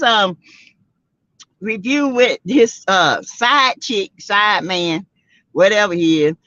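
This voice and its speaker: A woman's voice: a little high, a bit bright, no room sound, lo-fi sound. A woman with a Southern US accent hosting a casual live gossip chat, sassy and laughing often as she greets viewers. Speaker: live-stream host.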